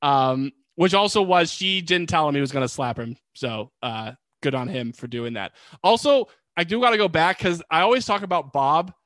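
A man co-hosting a podcast, casually recapping a film in a rambling, animated way and acting out lines of dialogue. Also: fairly high pitch, moderate pace, few pauses, no room sound. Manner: rambling, animated storytelling with quoted voices. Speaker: podcast co-host. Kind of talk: casual movie recap chat.

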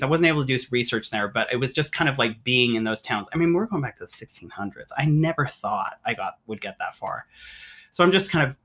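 A man recounting a story as a podcast guest, excited and rambling, full of "like" and false starts. His voice sits at an ordinary middle pitch. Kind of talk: casual storytelling.

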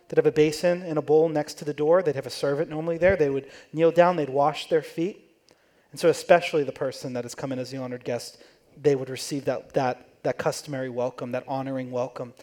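A man's voice: fairly high pitch, darkish tone. A man preaching in church, telling the story conversationally and acting out the quoted voices. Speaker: pastor. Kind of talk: sermon.

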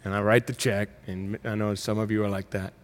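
A middle-aged man, a pastor, preaching a sermon in a conversational way, with emphatic rises and quick self-corrections. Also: fairly low pitch, level tone.

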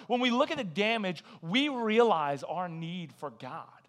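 Guy preaching, pretty high voice, super conversational, acts out his stories, keeps saying "man" and "listen". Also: unhurried, hardly any pauses. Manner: animated storytelling with acted quotes. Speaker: guest preacher. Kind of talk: sermon.

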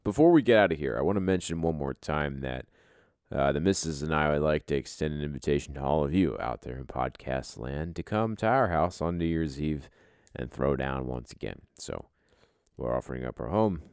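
A man's voice: a bass voice, animated, brisk, darkish tone, clear, resonant tone, no room sound, clean studio sound. A man hosting a podcast, signing off in a laid-back, profane, rambling way with lots of fillers. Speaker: podcast host, league commissioner. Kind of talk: casual podcast sign-off.

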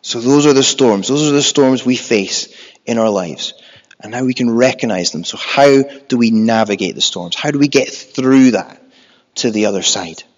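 A man's voice: medium pitch, moderate pace. A man preaching a sermon in an earnest, conversational way, sometimes acting out the frightened cries of the people in the story. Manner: earnest, conversational, acts out the disciples' panicked cries. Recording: echoey hall, dull lo-fi sound.

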